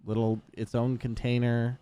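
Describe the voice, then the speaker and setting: A man co-hosting a podcast, chatting casually and tossing in quick jokes. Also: medium pitch, little pitch movement, mellow, clean tone. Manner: joking, quick interjections. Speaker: podcast co-host. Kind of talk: casual chat.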